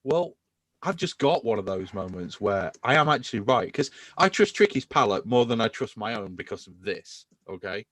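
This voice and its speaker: A man's voice: lowish voice, normal speed, no room sound. Enthusiastic man, dry mic. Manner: enthusiastic, animated beer talk. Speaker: podcast host. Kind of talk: casual chat.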